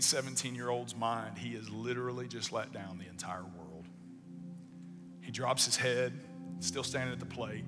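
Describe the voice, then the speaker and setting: A male pastor preaching in a church, telling a story and swinging between hushed passages and emphatic bursts. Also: mid-range voice. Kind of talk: sermon. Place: church sanctuary. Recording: long church reverb, music behind. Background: soft music.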